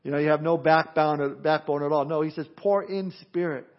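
A man's voice: a little high, completely flat delivery, fairly quick. A man giving a conversational sermon, plain-spoken and emphatic, acting out people now and then to make a point. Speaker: preacher teaching through a book of the Bible. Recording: dull lo-fi recording.

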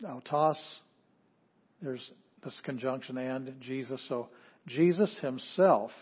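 A man of medium pitch teaches a lecture on Greek grammar, walking through verses slowly. He repeats key phrases for emphasis and corrects himself mid-thought. The recording sounds dull and lo-fi.

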